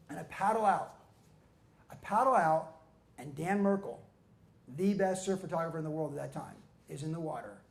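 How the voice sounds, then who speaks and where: An older man with a notably high speaking voice tells stories of his surfing years to a live audience. He is animated, jumping into other people's voices as he goes. The sound is roomy and echoey, as at an event hall. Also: creaky. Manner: animated storyteller, acts out quotes with loud shouts and laughs. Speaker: pastor and former pro surfer telling his story. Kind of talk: storytelling talk at a book event.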